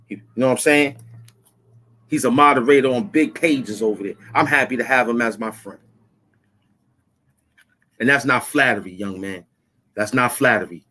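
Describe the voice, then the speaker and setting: A man's voice: medium pitch, normal speed, long pauses, bright, forceful tone. A man hosting his own channel, taunting and repeating himself as he demands money he says he is owed. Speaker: YouTube show host. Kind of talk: confrontational rant to camera.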